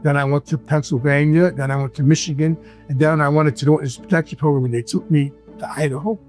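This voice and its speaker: A man with a thick New York accent tells his stories in a loose, rambling way, with slightly higher pitch than most men. He restarts sentences and keeps checking in with his listener. Faint music plays underneath. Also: steady tone, fast talker, darkish tone. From Brooklyn, New York. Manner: rambling, restarts, frequent "right?". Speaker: guest, former mobster. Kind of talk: casual storytelling.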